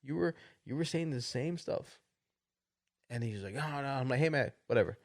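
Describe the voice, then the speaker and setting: A man's voice: mid-range voice, moderate pace. A man co-hosting a podcast, casually retelling a story and acting out the quotes with frequent laughter. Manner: animated retelling, acts out quotes, laughs often. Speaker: podcast co-host.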